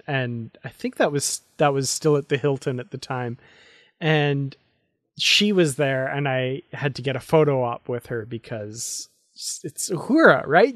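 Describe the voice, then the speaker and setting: A man co-hosting a podcast, recalling a fan memory in casual chat, warm and admiring with restarts. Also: a little high, dry recording. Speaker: podcast co-host.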